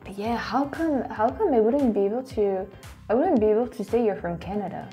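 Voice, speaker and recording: A woman's voice: mid-range voice, a little fast, slightly rough, faint music behind. A woman with a French accent, a native French speaker, hosting a video and reacting effusively to clips she plays. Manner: excitable, effusive. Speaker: host. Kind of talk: casual reaction commentary.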